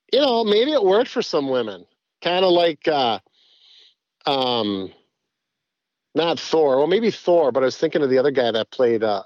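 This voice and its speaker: A man's voice: fairly high pitch, dry recording, highs cut off. A man chatting as a podcast guest, rambling with many restarts. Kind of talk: casual podcast chat.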